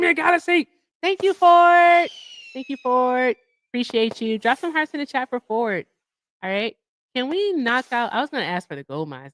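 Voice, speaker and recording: Effusive woman livestream host. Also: sits high. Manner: chatty, effusive when thanking viewers. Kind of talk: casual livestream chat.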